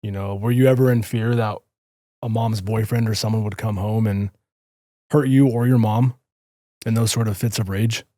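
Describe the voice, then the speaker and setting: A man's voice: lowish voice, fairly even intonation, normal speed, dark tone, no echo, studio quality. A man hosting a podcast, asking curious, loosely phrased questions of his guest. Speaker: podcast host. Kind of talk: interview questions.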